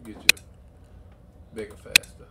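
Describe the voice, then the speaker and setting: A man co-hosting a home gaming video, giving offhand, mumbled advice. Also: unhurried. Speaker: gaming channel co-host. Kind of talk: casual gameplay commentary. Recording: keyboard clicks and typing noise.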